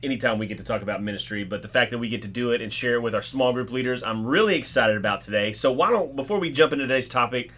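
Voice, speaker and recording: Man, podcast host, upbeat, jokey, emphatic, mid-pitched voice. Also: rapid-fire, hardly any pauses, a bit bright. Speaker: podcast host for small group leaders. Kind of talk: casual church podcast chat.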